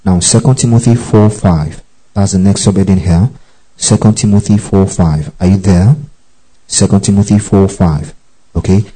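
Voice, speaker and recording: Dark-voiced male preacher teaching scripture. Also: sits low, normal speed, low-quality recording. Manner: checks in with listeners often; spells out and repeats key phrases. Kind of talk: Bible teaching.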